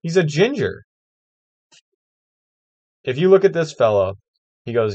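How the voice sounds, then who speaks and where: A man's voice: fairly high pitch, measured pace, dry recording. Jokey laughing man, dry close sound. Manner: animated, laughs a lot, jokey asides. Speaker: podcast co-host. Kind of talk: casual sports chat.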